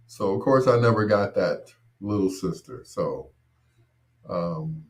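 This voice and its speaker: A man's voice: fairly low pitch, a little slow. A man hosting a show, telling rambling personal stories with frequent laughs and restarts. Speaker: host. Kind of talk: casual storytelling.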